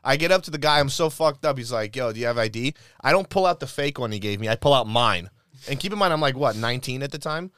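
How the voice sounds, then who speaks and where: A man's voice: mid-range voice, lively intonation, fast talker, a bit bright, clean tone, no echo, studio quality. A young man co-hosting a podcast, telling rowdy stories in casual chat and acting out what people said. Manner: rowdy storytelling, acts out quoted lines. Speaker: podcast co-host.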